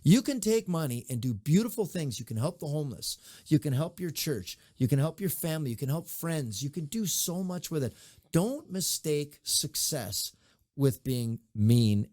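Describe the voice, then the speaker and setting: With a fairly high-pitched voice and no room sound, a middle-aged mayor offers advice during a conversational interview. He tells animated stories, performing the voices of those he quotes.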